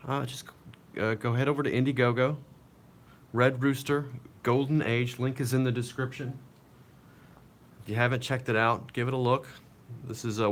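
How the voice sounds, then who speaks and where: A man's voice: mid-range voice, slight background noise. A man streaming himself drawing comics live, chatting casually with viewers and muttering self-mocking asides as he works. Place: seated at a drawing desk.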